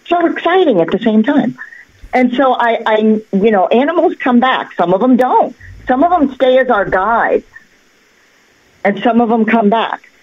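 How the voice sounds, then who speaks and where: A woman who works as a psychic, telling a story on a cable access talk show in an animated, chatty way with lots of fillers and restarts. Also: a little high, breathy edge, highs cut off. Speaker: psychic guest. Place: local access TV studio.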